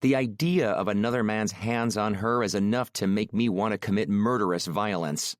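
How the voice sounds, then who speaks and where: A man narrating a first-person romance audiobook in a calm, measured, brooding way on a close studio mic. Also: on the low side, dry recording.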